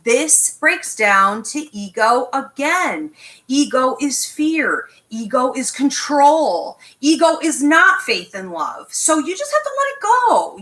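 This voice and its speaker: Emphatic, bright-voiced woman teaching. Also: sits high, poor audio. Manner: direct, emphatic, frequent "okay?" check-ins. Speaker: psychic medium teaching an online class. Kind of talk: live online class talk.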